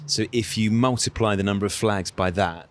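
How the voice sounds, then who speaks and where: A man with a somewhat low voice hosts a casual interview. He asks his guest friendly, conversational questions. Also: moderate pace, dry recording.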